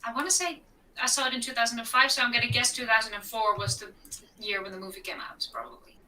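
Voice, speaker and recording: A woman's voice: fairly high pitch, fast, sharp tone, a little hiss or hum, rough recording. A woman playing a quiz, hesitant and thinking aloud. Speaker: quiz contestant. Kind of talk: casual chat.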